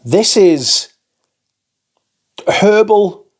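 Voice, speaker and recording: Enthusiastic sweary man, unhurried. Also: sits high, lively intonation. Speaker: fragrance reviewer. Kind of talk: casual chat.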